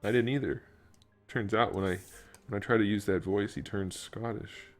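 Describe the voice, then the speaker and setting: A man's voice: lowish voice, fairly even intonation, normal speed, soft background music. A man streaming his work on a toy figure, thinking aloud in casual chat and making joking asides to viewers. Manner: muttering to himself, thinking aloud. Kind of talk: casual live-stream chat while working.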